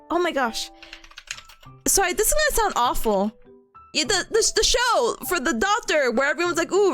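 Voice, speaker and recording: A young woman streaming and chatting casually, telling stories in an animated way with bursts of laughter. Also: sits high. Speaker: VTuber streamer. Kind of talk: casual chat.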